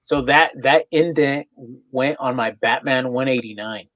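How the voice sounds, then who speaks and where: A man's voice: medium pitch, a little slow, no echo, muffled recording. A man in a casual chat, hesitant and searching for words as he explains.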